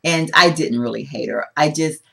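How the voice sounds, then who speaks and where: Woman beauty vlogger, casual rambling delivery, animated and chatty. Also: low-pitched, moderate pace, creaky. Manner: chatty, rambling, animated, talks with her hands. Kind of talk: casual product-testing vlog.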